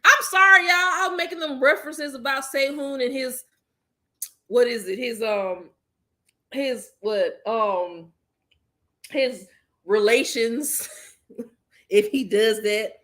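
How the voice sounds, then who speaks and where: A woman's voice: on the high side, slow, long pauses, pushed and bright. A woman hosting a podcast in casual group chat, blunt and joking, often laughing. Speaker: podcast host.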